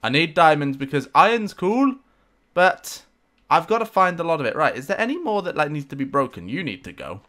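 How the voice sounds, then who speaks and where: A man in the middle of a let's-play, narrating with excitable, self-mocking energy. His voice is a touch higher than most men's, swings widely up and down, and has a bright edge. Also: brisk. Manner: excitable, talks to the game, self-mocking outbursts. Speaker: gameplay commentator.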